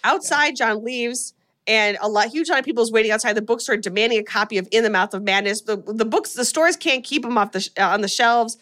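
A woman's voice: a little high, fast, a bit bright. A woman hosting a podcast, recapping a horror movie in casual chat and laughing often as she retells scenes. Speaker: podcast host.

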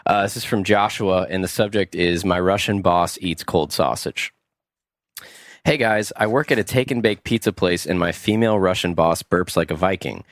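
A man's voice: low-pitched, normal speed, no room sound, clean studio sound. A man co-hosting a podcast, reading listener emails aloud with wry, playful wordplay. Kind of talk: casual chat.

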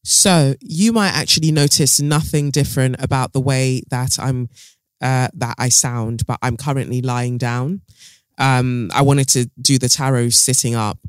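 A man's voice: mid-range voice, steady tone, a little slow, no echo. A man hosting a podcast while lying down, talking casually with lots of ums and self-corrections. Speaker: podcast host. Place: lying down, at home. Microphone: microphone set close while lying down.

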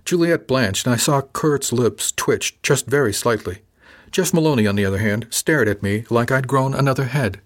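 A man reading a novel aloud in first person with a measured, dry delivery. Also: medium pitch. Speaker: audiobook narrator.

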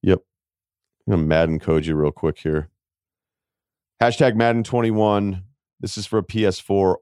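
A man in his forties hosting a casual podcast, telling rambling stories with wry self-mockery and quick asides. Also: low-pitched, darkish tone, clear, resonant tone, dry recording, studio quality. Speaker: podcast host.

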